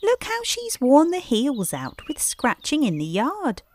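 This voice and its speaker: A woman's voice: sits high, huge pitch swings, measured pace, a little mellow, voice pushed up, full character voice. A woman voicing a small, anxious, polite hedgehog washerwoman in a storybook, with eager-to-please chatter. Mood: chatty. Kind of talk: storybook character voice.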